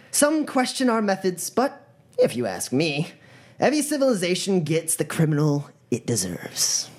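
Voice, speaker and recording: A game master voicing a masked, ruthless male gang leader who preaches slow, sermon-like menace to recruits. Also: mid-range voice.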